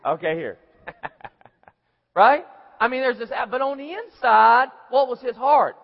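A man's voice: very high-pitched, animated, takes it slowly, gravelly. A man preaching a sermon in a folksy storytelling way, acting out little scenes and voices. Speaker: pastor. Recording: echoey hall, dull lo-fi sound.

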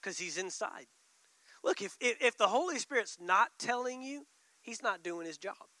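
Very high-voiced, impassioned male preacher. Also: expressive, normal speed, dry recording. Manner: emphatic, impassioned, swings from loud to near whisper. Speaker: pastor. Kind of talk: sermon.

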